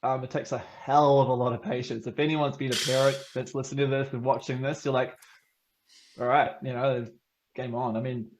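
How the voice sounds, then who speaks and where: A man's voice: medium pitch, flat delivery, fast talker, few pauses, noisy background. Chatty New Zealand man. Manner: chatty, laughs often, many fillers. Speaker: podcast guest. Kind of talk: casual chat.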